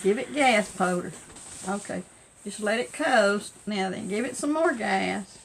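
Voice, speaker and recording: Fussy old country granny, read by a woman, pleading, gravelly, over steady machine hum. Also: medium pitch, a little slow. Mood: coaching. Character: fretful old country grandmother. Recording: noisy, machine hum behind.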